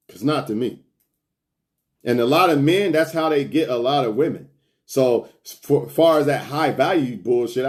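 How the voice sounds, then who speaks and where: A man's voice: mid-range voice, a little mellow. A man giving a casual, preachy monologue as a self-improvement vlogger, blunt and profane, speaking straight to his viewers. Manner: blunt, profane, lecturing, addresses viewers as y'all.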